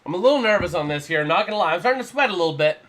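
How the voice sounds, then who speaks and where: A man with a fairly high voice calls scores and plays as they come in on his live stream. He talks in a loose, rambling way, circling back to the same point again and again. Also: expressive, rapid-fire, fairly bright tone, slight background noise. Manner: rambling, repeats himself, casual. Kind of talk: live play-by-play and analysis.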